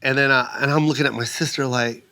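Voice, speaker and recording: A middle-aged man tells a story on a casual podcast, full of energy. When he acts out other people's lines, his voice jumps up high and gets loud. His own voice sits at an ordinary pitch. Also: steady tone, quick pace. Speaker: guest comedian.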